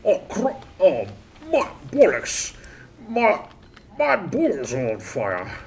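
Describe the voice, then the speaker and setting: A man putting on an exaggerated, pompous British gentleman voice as a joke while playing a video game. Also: huge pitch swings, gravelly, slight background noise, full character voice. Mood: mock outrage. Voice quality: raised pitch, drawn-out mock-British delivery. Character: exaggerated posh British man, bossy and fussy. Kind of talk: joking accent put on during gameplay.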